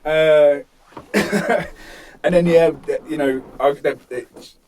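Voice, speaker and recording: A man's voice: very slow, a little hiss or hum. A young man, telling his life story candidly in an interview and acting out what others said. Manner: animated, acts out other people's lines in higher voices.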